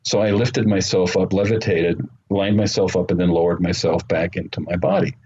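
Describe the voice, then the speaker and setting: Deep-voiced man recounting an experience. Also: steady tone, a little mellow, husky. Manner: earnest, unhurried storytelling with many fillers. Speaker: interview guest. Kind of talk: storytelling interview. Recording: muffled remote call audio with faint noise.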